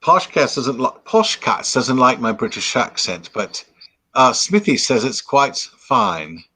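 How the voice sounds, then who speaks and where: A man's voice: medium pitch, sing-song, takes it slowly, sharp tone, husky, no room sound. Tired man hosting a stream. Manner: chatty, greets viewers from the chat. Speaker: live stream host. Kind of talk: late-night casual live stream chat. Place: home, indoors. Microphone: laptop microphone.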